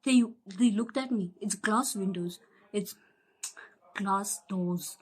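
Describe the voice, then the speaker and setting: A young South African woman telling a personal story in a casual, animated way, acting out the people she quotes and sometimes dropping into a whisper. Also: mid-range voice, takes it slowly, slightly rough. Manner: animated, acts out quoted voices, drops into whispers. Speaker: YouTuber.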